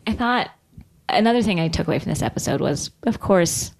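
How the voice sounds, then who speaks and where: A woman co-hosting a podcast in casual chat, quick to laugh and animated. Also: on the low side, gravelly. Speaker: podcast co-host.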